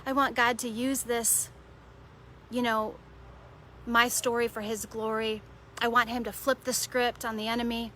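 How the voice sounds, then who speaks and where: A woman's voice: a little high, level tone, unhurried, long pauses, pushed and bright, slight background noise. A woman preaching a devotional sermon in an earnest way, repeating short phrases for emphasis.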